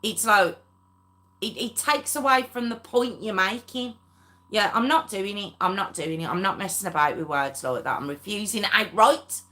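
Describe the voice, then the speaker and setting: A woman's voice: medium pitch, moderate pace, sharp tone. A woman hosting a true crime livestream, chatting casually with viewers, laughing often and addressing them by name. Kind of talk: casual live chat with viewers.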